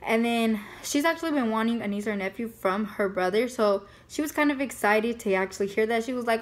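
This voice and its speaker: A woman's voice: a little high, fairly quick, few pauses. A young woman casually telling a personal story, chatty and full of fillers. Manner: chatty, many fillers like "like" and "you know". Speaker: family vlogger.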